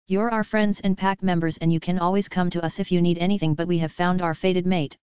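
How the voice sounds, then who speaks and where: A woman voicing a gentle young werewolf heir from an audiobook, soft-spoken and kind. The voice is low and very smooth, recorded dry and slightly dull. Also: fairly even intonation, brisk, dry recording, close to an everyday voice.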